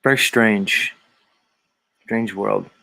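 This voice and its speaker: A man's voice: fairly low pitch, steady tone, very slow, vocal fry, sharp tone, rough recording. A man with a Philadelphia accent who hosts a show, giving sardonic, musing livestream commentary that wanders off on tangents. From Philadelphia area, US. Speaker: show host.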